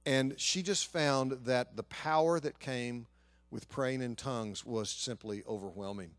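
A man as a pastor, telling a story in an earnest sermon and lively when quoting others. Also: mid-range voice, measured pace, no echo.

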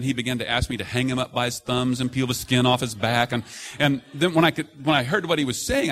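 A man's voice: medium pitch, brisk. A middle-aged man preaching a sermon to a congregation, telling stories and acting out the voices he quotes. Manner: animated storytelling, acts out quoted voices loudly. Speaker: pastor. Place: church sanctuary before a congregation.

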